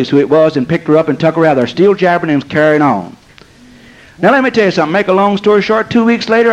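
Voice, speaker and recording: An older man preaching a sermon, telling stories in a folksy, emphatic way and drawing out key phrases slowly. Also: high-pitched, low-quality recording. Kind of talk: sermon with storytelling.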